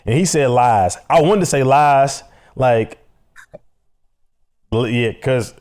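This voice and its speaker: A man with a Chicago accent co-hosting a casual podcast chat, animated and playful. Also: slow. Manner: animated, jumps into playful high voices. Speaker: podcast co-host.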